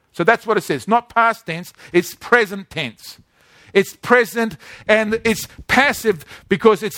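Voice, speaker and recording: A man's voice: sits high, fairly bright tone, no room sound, clean studio sound. A man preaching a sermon in a conversational way, asking his congregation questions as he explains scripture. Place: church in the Philippines.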